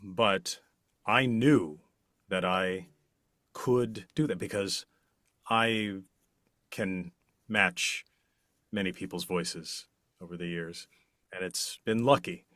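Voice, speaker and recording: A middle-aged man answering interview questions in an unhurried, expressive way, leaning hard on key words. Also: low voice, dry recording, clean studio sound. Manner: slow, expressive, with big swells on key words. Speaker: interview guest, voice actor.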